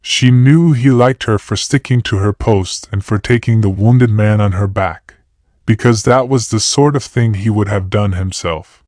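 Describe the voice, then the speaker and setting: A man narrating a classic novel as a calm, measured sleep audiobook. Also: fairly low pitch, no room sound, clean studio sound. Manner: steady, measured reading.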